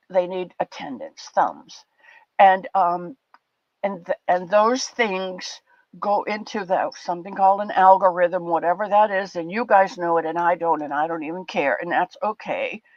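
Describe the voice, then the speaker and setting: A woman's voice: fairly low pitch, no room sound. Chatty older woman streaming to viewers. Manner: chatty, affectionate, rambling with restarts. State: a bit teary. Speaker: livestream host. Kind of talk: casual chat with live chat viewers. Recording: dull lo-fi dry sound.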